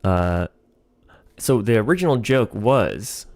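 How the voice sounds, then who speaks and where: A man's voice: lowish voice, slow pace, no room sound. A man hosting a livestream, thinking aloud while writing a comedy sketch, hesitant with many ums and chuckling as he reads lines aloud.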